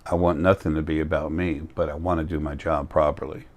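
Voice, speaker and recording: A man's voice: a bass voice, level tone, brisk. A tired man talking bluntly and rambling in a casual monologue to camera, defiant and plain-spoken. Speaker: vlogger.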